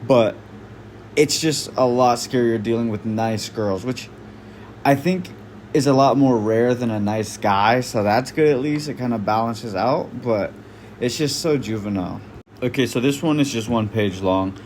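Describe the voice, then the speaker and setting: A man's voice: medium pitch, unhurried, darkish tone, slight background noise. A man doing casual reaction commentary, blunt and slangy, swearing freely. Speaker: online commentator.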